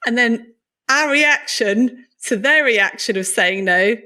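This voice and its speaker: A woman hosting a podcast, thinking aloud in a reflective, animated way and laughing as she talks with her guest. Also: on the high side, slow pace. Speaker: podcast host. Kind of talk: conversational podcast interview.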